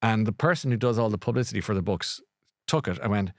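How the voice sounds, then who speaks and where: A middle-aged podcast host from Ireland talks fast in a lowish voice, rambling through casual chat and a book recommendation with many restarts and self-corrections. The sound is clean studio quality with no echo.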